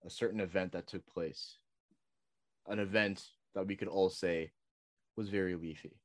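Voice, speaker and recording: A man's voice: low voice, steady tone, normal speed, no echo, studio quality. A man co-hosting a casual sports podcast, joking and emphatic, repeating words for effect. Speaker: podcast co-host.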